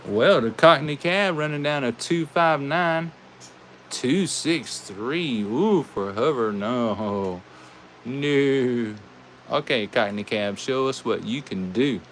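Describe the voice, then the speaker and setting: Southern guy hosting toy car races, real slow and folksy, says y'all a lot. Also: medium pitch, expressive, fairly bright tone, slight background noise. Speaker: host racing toy cars. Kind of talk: casual live race commentary.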